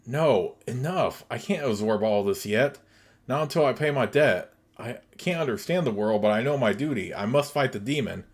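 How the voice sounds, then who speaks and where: A man's voice: medium pitch, lively intonation, normal speed, lightly acted. A man voicing a young, resolute woman wizard-warrior from a computer game, speaking in formal, old-fashioned phrasing. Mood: shaken.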